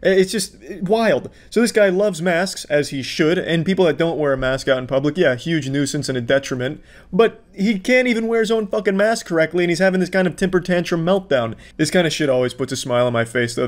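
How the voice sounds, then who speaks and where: A man doing sarcastic video commentary in a deadpan, mocking voice, swearing freely. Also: a little high, fairly quick, hardly any pauses. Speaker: commentary host.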